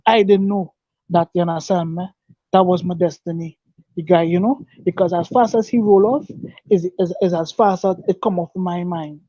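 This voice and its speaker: A man giving an earnest, halting personal testimony, repeating and restarting his words. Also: high voice, fairly even intonation, warm tone, no room sound. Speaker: guest telling his life story. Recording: dull dry lo-fi recording.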